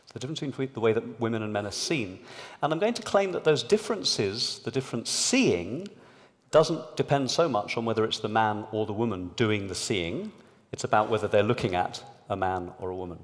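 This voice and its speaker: A man's voice: on the low side, brisk. Guy lecturing a hall audience, bouncy up-and-down voice, lots of reverb. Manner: lively, explanatory lecturing. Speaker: panel speaker. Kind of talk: public talk to a hall audience. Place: large hall. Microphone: amplified on stage.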